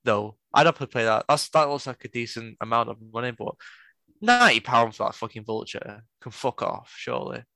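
Gravelly podcast co-host. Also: male voice, mid-range voice, lively intonation, fairly quick, pushed and bright, dry recording. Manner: sweary, joking banter. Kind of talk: casual chat.

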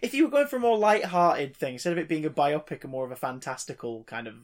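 Rambling podcast co-host. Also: male voice, on the high side, animated, fast talker. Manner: rambling, self-correcting, swears casually. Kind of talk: casual podcast chat.

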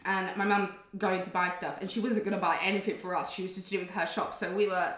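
A woman's voice: lowish voice, a little fast. A young woman, a podcast guest, telling stories in casual chat and acting out dialogue with frequent laughter. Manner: animated, laughs often, acts out dialogue. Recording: roomy echo.

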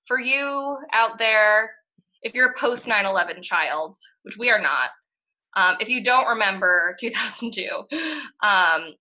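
Bright-voiced chatty woman podcast host. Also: mid-range voice, low-quality recording. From Boston area, US. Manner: chatty, opinionated, laughs often. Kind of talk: casual podcast chat.

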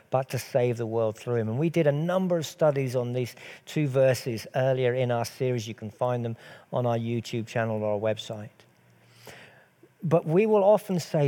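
A man's voice: medium pitch, mellow. A man preaching a sermon earnestly, asking rhetorical questions and letting his voice swell and drop.

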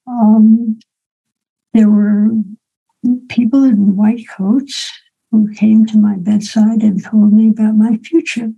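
A woman in her eighties telling a personal story to an audience, unhurried and reflective, often adding "right?" to her sentences. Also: a little high, gravelly, warm tone, husky, low-quality recording. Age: 80s.

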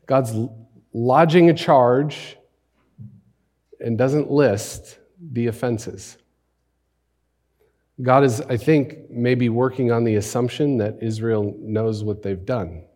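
A man's voice: mid-range voice, dark tone. A man preaching a sermon as pastor, conversational, often asking rhetorical questions and adding "right?".

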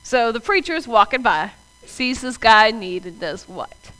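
Lively, high-voiced woman preacher. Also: a little slow, poor audio. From US South. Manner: conversational, addresses the congregation directly. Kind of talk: sermon.

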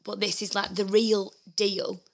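A woman's voice: medium pitch, level tone, a little slow. A young adult woman co-hosting a business podcast, chatting casually in a giggly, rambling way and often correcting herself. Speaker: podcast co-host, business owner. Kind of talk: casual chat.

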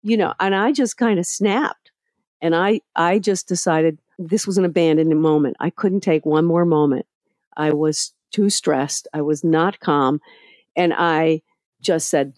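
A middle-aged woman speaking as a guest in an interview, telling candid, animated stories about parenting. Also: low-pitched, a little slow, dry recording, clean studio sound. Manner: candid and animated, acting out past scenes. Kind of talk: casual storytelling in a podcast interview.

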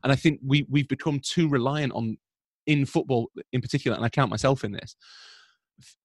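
A man from Britain, a football journalist, talking through the news on a podcast in a measured, analytical way with frequent restarts. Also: mid-range voice, dry recording, studio quality. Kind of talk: conversational podcast commentary.

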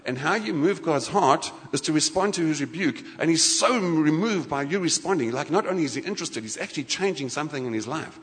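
Animated male preacher with a fairly high voice in a reverberant hall. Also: brisk, few pauses. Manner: animated, conversational preaching with frequent restarts. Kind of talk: sermon. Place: church hall.

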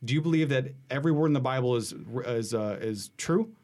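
A man's voice: medium pitch, brisk, darkish tone. A man with an ordinary mid-range voice arguing the skeptic's side in a casual debate. He cuts in with repeated "no, no, no" and "hold on" and lays out his points step by step. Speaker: skeptic arguing against the Bible.

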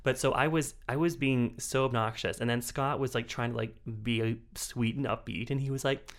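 Animated male podcast co-host. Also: medium pitch, moderate pace. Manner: animated storyteller, acts out his own shouts; swears freely, laughs while telling. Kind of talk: casual chat.

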